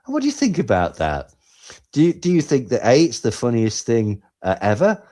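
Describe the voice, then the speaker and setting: A man co-hosts a podcast in a loose, sarcastic chat. His pitch swoops widely as he talks, and he jumps between loud bursts and quiet asides. His voice sits in the middle range. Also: huge pitch swings, normal speed. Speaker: podcast co-host. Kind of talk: casual commentary chat.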